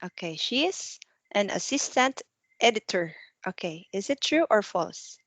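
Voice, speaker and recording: A woman tutors English one to one over a video call, asking patient questions. She explains things slowly, with some non-native grammar. Her voice sounds dry and close. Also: mid-range voice, sing-song, fairly bright tone, no echo. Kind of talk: one-to-one online English lesson.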